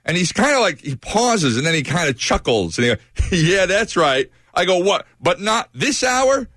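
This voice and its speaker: A man's voice: sits high, normal speed, no echo, clean studio sound. A man hosting a morning radio show, telling a story with energy and acting out what each person said. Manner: animated storyteller who acts out quoted voices.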